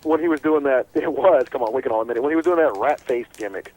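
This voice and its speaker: A man's voice: medium pitch, quick pace, rough recording. A man hosting a casual sports radio talk show, rambling and full of restarts. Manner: animated and rambling, with many restarts.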